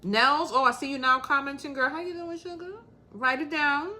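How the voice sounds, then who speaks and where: A woman's voice: sits high, normal speed, pushed and bright. A woman hosting a casual crafting livestream, talking bluntly and straight to the point while calling out viewers by name.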